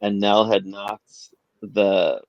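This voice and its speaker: A man with a fairly low voice in relaxed podcast chat, tossing in easygoing asides. His voice comes through a dull, lo-fi mic in a dead, dry space. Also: very slow, dry recording. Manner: relaxed, reactive listener, chatty asides. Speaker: podcast co-host. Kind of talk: casual chat.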